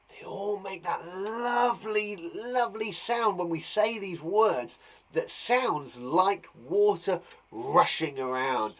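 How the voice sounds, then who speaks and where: Speaking slowly in a high-pitched voice, a young British man teaches small children in an online class set in a garden shed classroom. The primary school teacher keeps things playful and encouraging, using gasps and laughs to act out sound words.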